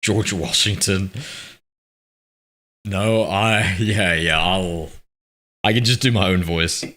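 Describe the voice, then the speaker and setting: Taking it slowly, this game streamer casually chats with his audience in a low voice that has a bright, forward edge. He rambles, makes fun of himself, and reads chat messages aloud, all through a noise-suppressed streaming mic.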